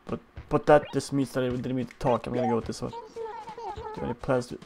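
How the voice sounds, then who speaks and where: A chatty male gamer narrates his play with loose, excitable energy, often swearing. His pitch jumps around a lot. Cheerful game music sits clearly under his voice. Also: fast. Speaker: gaming streamer. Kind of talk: casual gameplay commentary.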